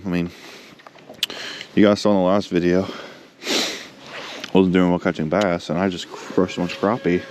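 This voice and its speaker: A man vlogging while fishing, chatting casually and getting excited, talking to the fish he catches. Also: low voice, a little hiss or hum. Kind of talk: casual chat. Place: on a boat outdoors.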